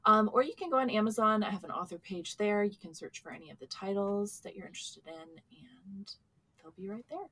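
A woman author as a podcast guest, talking casually, shy and giggly, often trailing off softly. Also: mid-range voice, brisk, husky.

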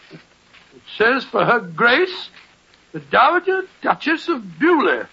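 An actor playing a bumbling, kindly old doctor in Santa dress, blustering and stammering in 1940s radio acting. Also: male voice, very high voice, big pitch swings, slow, vocal fry, pushed and bright, breathy edge, full character voice. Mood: jolly. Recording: dull lo-fi 1940s radio recording.

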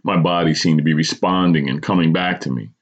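With a bass voice and a slightly quick delivery, a man hosts a podcast and reads out a personal story. His telling is dramatic, with minor stumbles, and the recording is dull and lo-fi.

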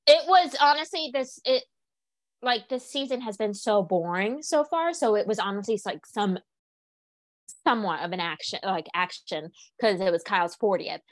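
Podcast co-host, woman, chatty and animated, mid-pitched voice, dry close mic. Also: normal speed, no echo. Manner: animated, acts out quotes with swooping pitch. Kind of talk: casual chat.

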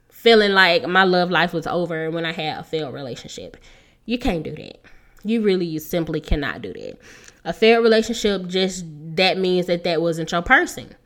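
A woman of thirty talks through her solo podcast in a casual, heartfelt way. She laughs easily and leans on her points with earnest emphasis. Her voice sits a little low for a woman. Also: sharp tone. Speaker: podcast host.

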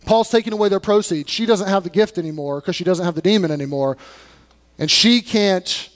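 A man preaching from the pulpit in a notably high voice, talking to the congregation in a direct, conversational way. He drives his points home with blunt, emphatic warnings. His voice rings out with a long reverb, as in a large church sanctuary. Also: a little fast. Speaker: pastor. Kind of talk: sermon.

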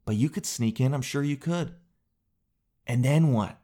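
A man's voice: mid-range voice, unhurried, dark tone. A man hosting a solo podcast, rambling through jokey riffs with crude asides and self-mocking tangents. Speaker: podcast host. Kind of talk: solo comedic podcast chat.

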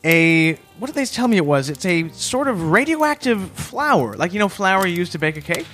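A man co-hosting a comedy podcast, telling an absurd story in a deadpan, matter-of-fact way. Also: high-pitched, normal speed, faint music behind. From Canada. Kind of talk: deadpan improvised comedy chat.

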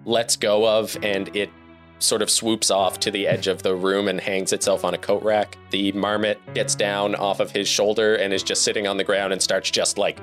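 A man with a lowish voice runs a tabletop game as its narrator. He stumbles and hedges with fillers as he describes the scene, over faint music. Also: little pitch movement, a bit bright. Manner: halting, filler-heavy storytelling. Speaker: game master.

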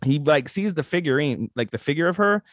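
A man's voice: a little high, animated, fairly quick, no room sound, clean studio sound. A man co-hosting a podcast, casually recapping anime episodes in a rambling way, full of fillers and swearing. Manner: rambling, frequent fillers and profanity. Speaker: podcast co-host.

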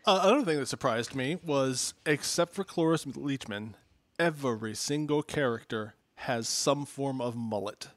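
A man's voice: medium pitch, normal speed, no echo. A man co-hosting a podcast, chatting casually about a TV episode and laughing at his own jokes. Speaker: podcast co-host. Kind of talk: casual chat recapping a TV episode.

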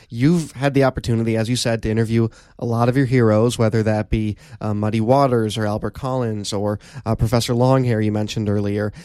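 Measured male podcast host. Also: mid-range voice, darkish tone, no echo, clean studio sound. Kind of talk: interview questions.

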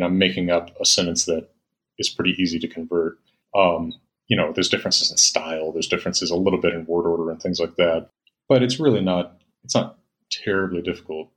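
A deep-voiced middle-aged man with a fairly bright tone is the interview guest, an Old Norse scholar. He explains at length like a patient lecturer, using frequent ums and plenty of fillers.

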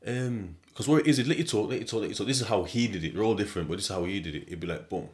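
Deep-voiced man, animated slangy storytelling. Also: very fast. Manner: animated, slangy, repeats himself, swings between loud and quiet. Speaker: podcast host. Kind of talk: casual monologue storytelling.

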